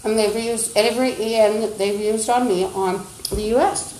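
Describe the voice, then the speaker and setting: A woman's voice: mid-range voice, steady tone, normal speed, darkish tone, reverberant, a little hiss or hum, low-quality recording. A woman livestreaming, ranting in an agitated, insulting, accusatory way into a phone. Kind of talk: rambling livestream rant.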